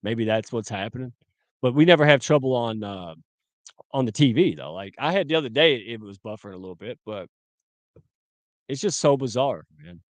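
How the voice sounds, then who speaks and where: A man in casual livestream chat who keeps calling people dude and laughs through his stories. His voice sits at a middle pitch and comes across dry and close, with no room around it, through a call mic. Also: expressive, moderate pace, dry recording. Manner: loose, laughing, says dude and man a lot. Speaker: livestream co-host.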